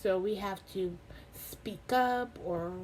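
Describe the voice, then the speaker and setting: A young woman giving a casual personal update, halting with many ums and getting emotional. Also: mid-range voice, a little mellow, a little hiss or hum, rough recording. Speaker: vlogger. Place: home in a hot desert town.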